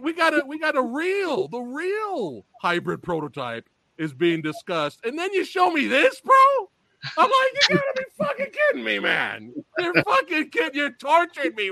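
A podcast host with a strikingly high, bright voice, talking in an excitable, swearing, casual storytelling style. His pitch jumps all over as he tells the story. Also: no echo, clean studio sound. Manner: animated, profane, excitable.

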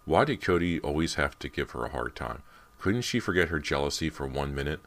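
A man with a very deep voice narrates an audiobook from a script, keeping a steady, measured storytelling manner.

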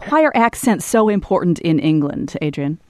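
A radio host asking an author about a book in a measured way. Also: medium pitch, big pitch swings, no echo, studio quality. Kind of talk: radio interview.

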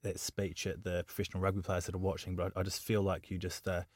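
A man with a lowish voice hosting a podcast, steering the chat. He throws teasing questions at his co-hosts in casual banter. The sound is dry and close. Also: flat delivery, fast, no room sound. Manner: playfully quizzing, teasing. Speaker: podcast host.

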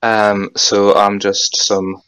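Young Geordie man, low voice, laid-back. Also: monotone, extremely slow, sharp tone, clean tone, no echo, poor audio. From North East England. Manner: laid-back, rambling with many fillers and some swearing. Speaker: podcast guest. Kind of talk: casual chat.

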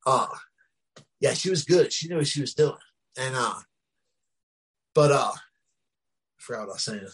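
Husky New man, middle-aged guest, rambling storyteller, medium pitch. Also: lively intonation, moderate pace, pauses often, a bit bright, rough recording. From New Jersey, US. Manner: rambling, frequent "you know what I mean" fillers. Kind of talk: casual storytelling.

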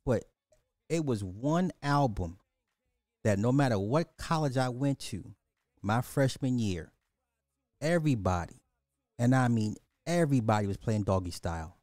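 A middle-aged man hosting a livestream with a dark, mellow voice, recorded dry and close. He rants bluntly with profanity in casual commentary and hammers his points by repeating them. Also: mid-range voice, expressive, unhurried, pauses often, dry recording. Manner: ranting, blunt and profane, repeats himself for emphasis. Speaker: livestream host.

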